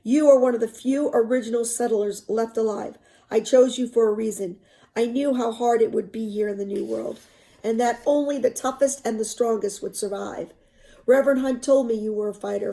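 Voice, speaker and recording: A woman reading the lines of a gravely wounded male colonial captain from a storybook, in a plain read-aloud delivery. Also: on the high side, moderate pace, dark tone. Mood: solemn.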